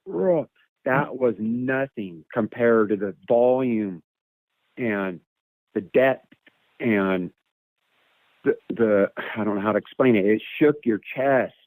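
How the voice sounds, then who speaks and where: A man's voice: on the low side, takes it slowly, pauses often, no echo. A man recounts a long story in a loose, rambling way, often repeating words. His voice comes through a tinny phone line. The sound is dry, with no room around it. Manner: rambling, repeats words, imitates animal calls. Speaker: guest telling an encounter story. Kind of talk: casual storytelling over a call.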